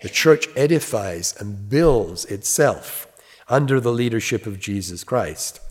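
A man preaching a sermon, reading scripture slowly and with emphasis, then explaining it in a plain, conversational way. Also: on the low side, animated, husky. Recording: long reverb.

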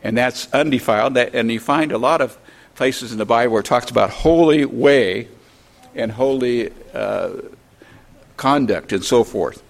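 An older man giving an informal Bible lesson, unhurried, reading scripture aloud and spelling out Hebrew words. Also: mid-range voice, gravelly. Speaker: Bible teacher.

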